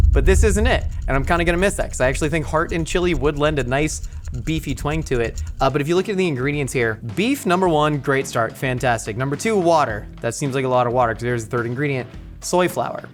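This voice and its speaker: A playful man hosts a cooking show from a kitchen set, speaking at an ordinary middle pitch for a man, then jumping up when excited. Soft music plays faintly behind him. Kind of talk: casual, jokey cooking show presenting.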